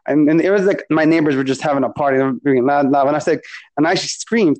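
Man, chatty podcast guest, fairly high voice, laughs a lot, repeats words. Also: fast talker, darkish tone, low-quality recording. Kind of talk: casual chat.

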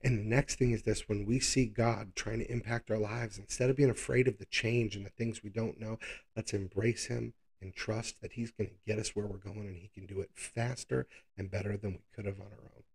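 Male host, gravelly and husky, casual reflective Bible teacher reading verses aloud. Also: lowish voice, fairly even intonation, brisk. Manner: conversational, reflective, reads scripture aloud. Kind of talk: live Bible study teaching.

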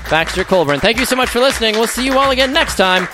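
A man hosting a sports game show podcast, upbeat and teasing his panelists with quick jokes. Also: extremely high pitch, lively intonation, background noise.

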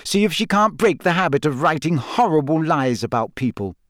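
Audiobook: eager, clever teenage witch girl, read by a man, lifted higher, quick and sure of herself, dry booth. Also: very animated, a bit bright, dry recording. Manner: eager, brisk and know-it-all. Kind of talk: audiobook character voice.

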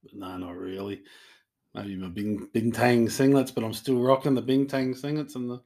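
A man's voice: medium pitch, steady tone, normal speed, a little mellow. A young Australian man with a mid-range voice co-hosts a podcast in an easygoing way. He fills the chat with dry, joking banter. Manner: joking, laid-back banter. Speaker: podcast co-host.

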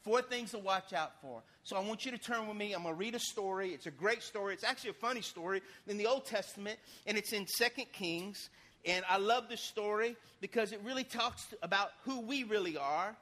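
High, bright-voiced preacher. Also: male voice, a little fast. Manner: lively preaching with sudden loud bursts and folksy asides. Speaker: pastor. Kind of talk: sermon. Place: church.

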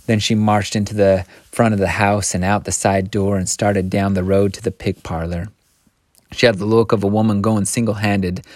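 A man reading a short story aloud in a steady way, with small slips and restarts. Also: deep voice, no room sound, studio quality.

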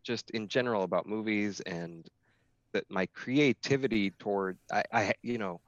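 A man's voice: lowish voice, moderate pace, no room sound. A man guesting on a podcast in casual chat, rambling with restarts and casual swearing. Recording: dull lo-fi audio.

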